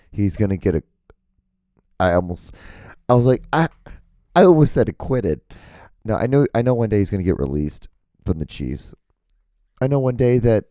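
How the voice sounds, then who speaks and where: Hoarse, low-voiced man ranting. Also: dry recording, clean studio sound. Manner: profane, excitable, voice jumps high when ranting. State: hoarse, cracking voice. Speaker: podcast host. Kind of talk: casual rambling monologue. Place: home setup with lights and camera. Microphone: studio microphone.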